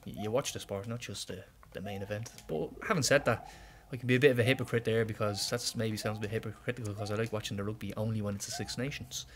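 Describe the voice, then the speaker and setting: A man's voice: lowish voice, steady tone, quick pace. A young Irish man chatting casually while playing a video game with a friend. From Ireland. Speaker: let's-play host. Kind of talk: casual gameplay chat.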